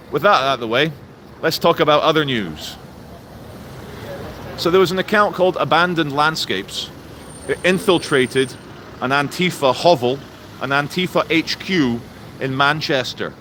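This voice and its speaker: A man livestreaming outdoors, ranting and greeting viewers in the chat with lively energy. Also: on the high side, measured pace, pauses often. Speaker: livestream host. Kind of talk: live-streamed political rant. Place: outdoors in a town. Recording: faint outdoor traffic noise.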